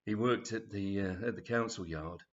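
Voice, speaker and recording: A man's voice: lowish voice, moderate pace, muffled recording. A man telling a comic story in a rambling, chatty way with many fillers. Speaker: author reading his story. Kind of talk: storytelling reading.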